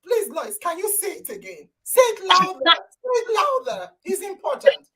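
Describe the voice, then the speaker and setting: A woman hosting a live online talk show over a video call, exclaiming and praising loudly as she quizzes her listeners. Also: very high voice, lively intonation, moderate pace, vocal fry, crowd noise. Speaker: podcast host.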